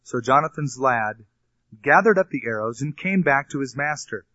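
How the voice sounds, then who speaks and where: A man's voice: mid-range voice, lively intonation, moderate pace, pushed and bright, dry recording. Male pastor, expository sermon, mixes scripture reading with plain-spoken asides; dry, slightly muffled recording. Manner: reads scripture then explains it in plain, colloquial asides.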